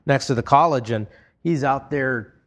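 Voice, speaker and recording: A man's voice: medium pitch, moderate pace. A man preaching an expository sermon, reading scripture aloud and paraphrasing it in an earnest, conversational way. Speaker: pastor.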